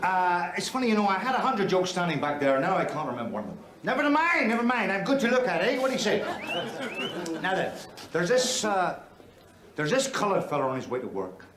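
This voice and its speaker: A man's voice: sits high, wildly swooping pitch, a little fast, a crowd in the background. An actor playing a brash, crude male club comedian from Belfast, with a Belfast accent, telling bawdy jokes on stage. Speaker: stand-up comedian. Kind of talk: stand-up comedy performance in a TV drama. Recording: echoey club hall with laughing audience.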